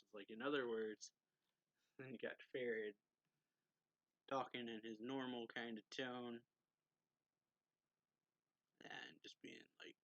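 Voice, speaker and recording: A man's voice: mid-range voice, fairly bright tone, no echo, dull audio. A man reviewing a manga chapter in a casual, rambling recap full of fillers. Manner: rambling, filler-heavy, laughs often. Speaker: anime reviewer.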